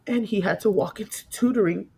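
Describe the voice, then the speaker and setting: Grieving woman recounting a loss, halting. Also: mid-range voice, warm tone, husky. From California. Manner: emotional, halting, repeats herself, acts out quoted voices. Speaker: guest telling her story. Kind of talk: personal storytelling interview.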